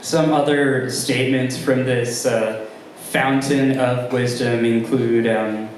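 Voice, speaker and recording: A young man doing a stand-up comedy set, talking haltingly with many ums and restarts. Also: medium pitch, steady tone, distant mic, slight background noise. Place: comedy club room with a live audience. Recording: very roomy live room sound.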